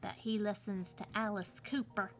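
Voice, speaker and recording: A woman's voice: mid-range voice, little pitch movement, moderate pace, faint music behind. An American woman, a cartoonist and voice actor, chatting casually and rambling on her livestream with playful asides. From United States.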